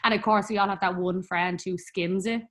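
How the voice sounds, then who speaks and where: A woman's voice: medium pitch, fairly even intonation, a little fast, fairly bright tone. A young woman with an Irish accent recounts her story as an interview guest in an easy, chatty way. Her talk runs on with fillers, and she breaks into laughter often.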